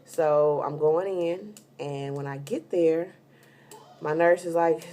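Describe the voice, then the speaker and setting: Woman, low-pitched, heavily pregnant and tired, chatty casual vlog storytelling, lots of fillers. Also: takes it slowly, warm tone. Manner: chatty, rambling with many fillers. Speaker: vlogger giving a pregnancy update.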